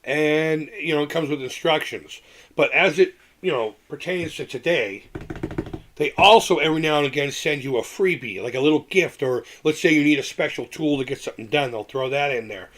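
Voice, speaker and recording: A man's voice: on the high side, moderate pace, a bit bright. A middle-aged man hosting a casual live stream, talking in a loose, rambling way with restarts and small chuckles.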